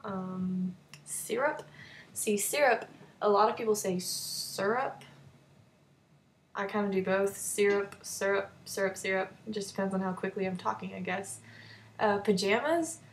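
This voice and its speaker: A woman's voice: medium pitch, a little slow, slight background noise. Chatty young North Texas woman. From North Texas, USA. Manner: chatty, giggly, lots of fillers and likes. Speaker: vlogger. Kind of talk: casual chat.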